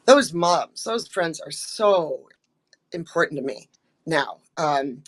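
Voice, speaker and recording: An older American actress with a low, lively voice speaks slowly while telling stories in a casual interview. She's chatty, full of ums and restarts, and acts out the quotes.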